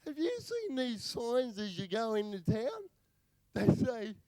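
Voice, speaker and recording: An Australian man doing a stand-up comedy set, bantering with the crowd in a slow drawl. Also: very high-pitched, big pitch swings, a little mellow, no room sound. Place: live venue with audience.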